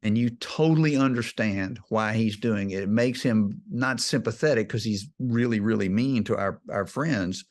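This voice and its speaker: Guest: male screenwriting teacher, lowish voice, animated emotional storyteller. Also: normal speed, hardly any pauses. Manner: animated retelling, gets choked up. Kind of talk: casual storytelling interview.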